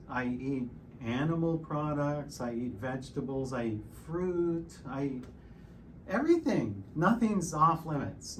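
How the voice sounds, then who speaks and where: A man's voice: medium pitch, distant mic, slight background noise. A man in his sixties giving a casual, plain talk while he works out, explaining with frequent fillers. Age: 60s. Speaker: fitness vlogger.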